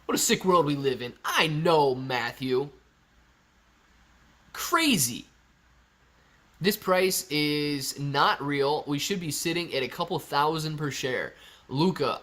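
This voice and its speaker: This young livestreamer has a medium-pitched, slightly bright voice. He works through the chat, reading comments out loud and replying in an easygoing, talkative way.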